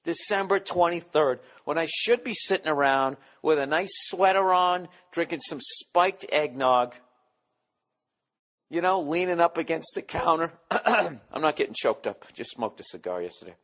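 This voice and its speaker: A man's voice: fairly high pitch, animated, normal speed, fairly bright tone. A middle-aged man hosting a podcast, with a Boston accent, ranting in a profane, sarcastic, comedic monologue. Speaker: podcast host.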